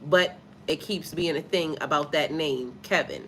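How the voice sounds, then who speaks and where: On a relaxed live stream, a spiritual life coach who has a child speaks bluntly and emphatically, swearing a lot and stopping to read out viewers' comments. Her voice sits low and is a bit bright, her delivery unhurried, with slight background noise.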